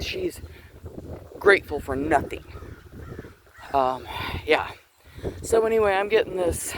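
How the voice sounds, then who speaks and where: Wearing a Bluetooth earpiece, a middle-aged faith vlogger walks outdoors in chilly weather, a little short of breath as he earnestly rambles through his faith story and keeps restarting. His voice is slightly high, with background noise behind it.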